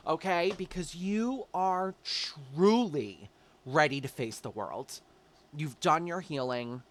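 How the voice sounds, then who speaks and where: A man's voice: fairly high pitch, lively intonation, unhurried, fairly bright tone, slight background noise. A man giving a casual, upbeat tarot reading, encouraging the listener and calling them babe. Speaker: tarot reader.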